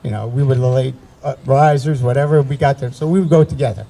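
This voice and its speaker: A man in his sixties from New Jersey speaks at an outdoor memorial ceremony. His voice is gravelly and mellow. He tells family stories casually and often restarts his sentences. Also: medium pitch, quick pace, low-quality recording. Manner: anecdotal, conversational, with frequent restarts. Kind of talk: personal storytelling speech.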